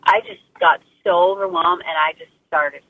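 Woman guest, casual and warm-hearted talker, lots of fillers, heard over a tinny phone line. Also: low-pitched, steady tone, moderate pace. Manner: chatty, heartfelt, lots of "you know" and "like". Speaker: guest mother sharing birth story.

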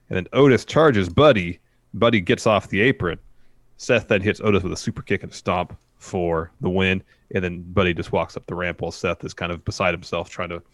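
A man with a low voice, recorded without echo, co-hosts a podcast. He casually recaps a wrestling show play by play, using plenty of filler words.

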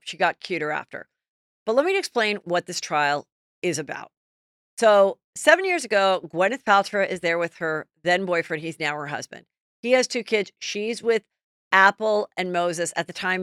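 A middle-aged woman hosting a celebrity gossip podcast, telling stories in a chatty, animated way. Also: on the low side, clear, resonant tone, no room sound, clean studio sound. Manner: chatty, animated storytelling with quoted asides. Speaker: podcast host. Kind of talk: casual celebrity gossip chat.

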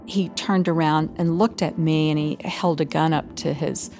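A woman quietly recalling a frightening memory, haltingly and plainly. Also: low-pitched, fairly even intonation, soft background music. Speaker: interviewee. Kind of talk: personal story told to an interviewer.

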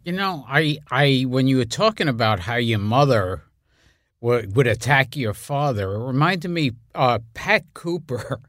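A man's voice: mid-range voice, animated, measured pace, a bit bright, no room sound, clean studio sound. A man co-hosting a casual interview, prompting his guest in a conversational way. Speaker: podcast co-host. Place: studio.

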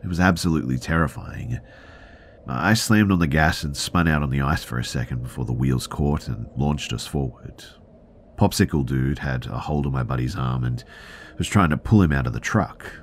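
A man with an extremely deep, low voice reads a spooky story aloud as a podcast narrator. His delivery is measured and deliberate, and at tense moments it sinks into a hushed near-whisper. A faint ambience sits under the voice. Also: a little hiss or hum. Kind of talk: scripted horror story narration.

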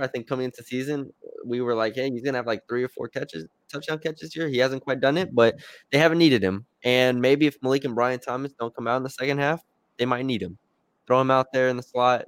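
A man's voice: medium pitch, clean tone, dry recording. A man co-hosting a sports podcast, talking casually and hedging with fillers and restarts.

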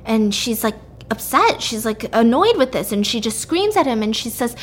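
Woman, casual storyteller, acts out the lines, slightly high pitch, faint noise on the track. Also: normal speed. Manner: animated storytelling, acts out characters' lines, frequent "like" and "right?". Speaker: podcast co-host recapping a story. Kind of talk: casual chat, retelling a plot.

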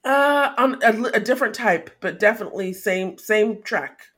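A woman's voice: medium pitch, lively intonation, normal speed, a bit bright. A woman co-hosting a podcast, talking things through in a casual, analytical way with some hesitant fillers. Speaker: podcast co-host. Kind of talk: casual recap chat.

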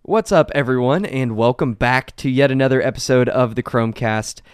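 A man's voice: medium pitch, moderate pace, faint music behind. A man hosting a casual tech podcast, joking and laughing with his co-hosts. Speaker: podcast host.

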